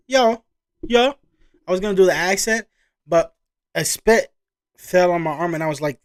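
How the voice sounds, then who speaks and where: A man with a notably high voice talks casually to his viewers. He rambles, restarts and exclaims as he reacts to what he's watching. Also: moderate pace, long pauses, clear, resonant tone. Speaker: reaction video host.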